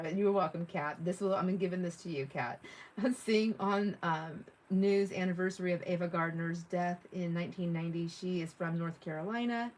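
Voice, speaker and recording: A woman's voice: on the low side, moderate pace. A middle-aged woman hosting a casual craft livestream, chatting, laughing often and reading viewer comments aloud while she works. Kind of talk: casual live-stream chat while crafting.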